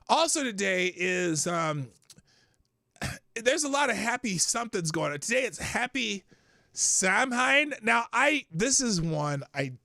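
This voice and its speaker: A man's voice: on the high side, gravelly, a bit bright, no room sound, clean studio sound. A man hosting a live morning news show, talking casually and rambling off the cuff, with the odd swear. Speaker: host.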